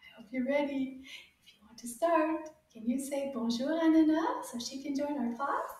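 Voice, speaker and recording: A woman teaching French to young children, cheerful and encouraging, sounding out each word in a slow, exaggerated way for them to repeat. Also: high-pitched. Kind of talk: children's language lesson. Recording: very echoey room, mic far off.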